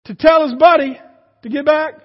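A man preaching a sermon, telling a folksy story with lively animation. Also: extremely high pitch, normal speed, big-room sound, dull audio. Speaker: pastor.

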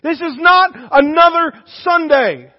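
A male pastor giving an impassioned sermon in a church, swinging between shouted exhortation and hushed intensity, in a dull recording with long reverb. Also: extremely high pitch, measured pace. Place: church sanctuary.

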